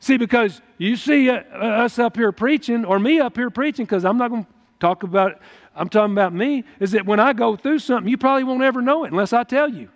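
A man with a very high voice talks fast as he preaches a folksy, emphatic sermon to his congregation. The church hall gives the recording a long reverb.

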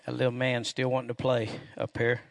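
A middle-aged man, a pastor preaching a sermon in a church and telling folksy stories, getting loud and animated when excited. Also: medium pitch, brisk, vocal fry. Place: church sanctuary. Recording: echoey hall with long reverb.

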